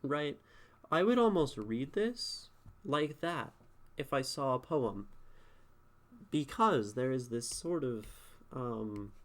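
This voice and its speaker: Man casually talking through a poem. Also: medium pitch. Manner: conversational, thinks aloud with many fillers and "right?" tags. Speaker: streamer critiquing poetry. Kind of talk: casual spoken critique.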